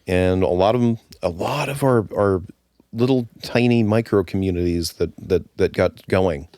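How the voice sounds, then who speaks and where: A man, a former brewery owner, talking casually as a guest in an interview, relaxed and halting with restarts. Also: low voice, no echo, clean studio sound. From United States.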